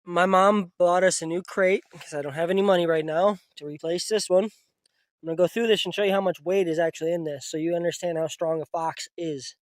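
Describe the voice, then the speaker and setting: A man vlogging at an outdoor camp in the woods, talking casually to the camera. He gets emotional and uses a soft voice with his pets. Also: high voice, fairly even intonation, a little fast, dry recording, clean studio sound. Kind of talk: casual vlog talk to camera.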